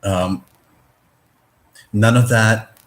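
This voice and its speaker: A man in casual conversation, talking in a rambling, halting way with many fillers and restarts, and swearing now and then. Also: fairly low pitch, steady tone, a little hiss or hum. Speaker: discussion participant.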